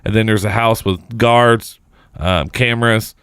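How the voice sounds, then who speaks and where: A man's voice: lowish voice, fairly even intonation, a little slow, fairly bright tone, clean tone, no echo, clean studio sound. A male podcast co-host telling rambling stories in casual chat, often laughing as he talks. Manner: rambling storyteller, laughs while talking.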